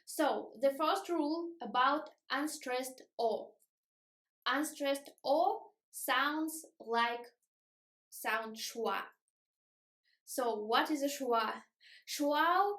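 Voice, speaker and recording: A tired woman teaching a beginner language lesson, explaining slowly and patiently with many fillers and small laughs. Her first language is Russian. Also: high-pitched, a bit bright, reverberant.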